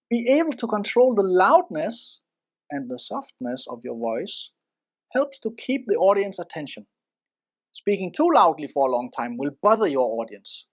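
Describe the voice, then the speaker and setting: Expressive lesson narrator, lively pitch. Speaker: presenter. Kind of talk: instructional narration.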